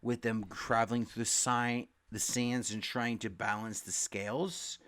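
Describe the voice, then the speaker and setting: A young man talking casually about comics, rambling, swearing freely and loudly acting out quotes. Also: mid-range voice, fairly even intonation, measured pace. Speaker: comic book podcast host. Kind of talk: casual comic review rant.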